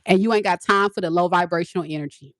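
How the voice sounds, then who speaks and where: A woman in her forties, a tarot reader, answering viewers in a candid, sassy, animated live-stream chat. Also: on the low side, fast talker, no echo, studio quality. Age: 40s. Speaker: tarot reader and spiritual advisor.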